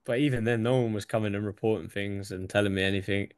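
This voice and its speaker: This young Englishman, a UFC fighter, is a laid-back interview guest who swears a lot and laughs between thoughts. His voice is on the low side and fast, recorded dry at studio quality.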